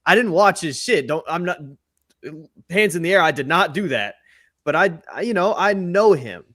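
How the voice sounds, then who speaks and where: A young man giving blunt, emphatic takes as a co-host of a wrestling show. His voice sits a touch high and moves widely in pitch. He keeps a casual chat tone throughout. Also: expressive, normal speed, fairly bright tone, no room sound, clean studio sound. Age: young adult.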